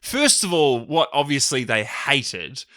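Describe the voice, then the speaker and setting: A man co-hosting a film podcast, talking in a wry, animated way as he builds his argument. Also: mid-range voice, slow. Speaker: podcast co-host. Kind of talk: casual film review chat.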